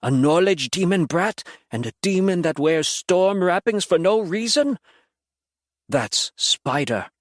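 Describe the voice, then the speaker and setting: Man doing a scaled demon, loud accusing call, raised pitch, dry sound. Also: animated, measured pace, dry recording.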